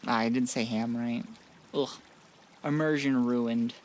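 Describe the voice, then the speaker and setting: A man gives casual commentary while playing a game, talking mostly to himself in a low, muttering way. He jokes at his own expense and drifts between quiet mumbles and brief bursts of louder chat. His voice sits at a medium pitch. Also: completely flat delivery, unhurried, slight background noise. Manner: chatty, self-deprecating, often mutters quietly to himself. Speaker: gaming streamer.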